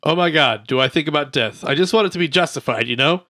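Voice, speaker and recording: A man co-hosting a casual comedy podcast, reading comedians' jokes aloud in a deadpan way between crude banter. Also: a little high, fast, no echo, studio quality. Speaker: podcast co-host.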